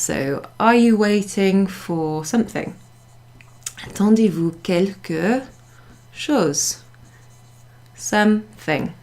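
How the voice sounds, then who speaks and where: A woman's voice: medium pitch, darkish tone. A woman teaching a beginners' French class, explaining patiently step by step and repeating her examples. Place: pub function room, classroom class.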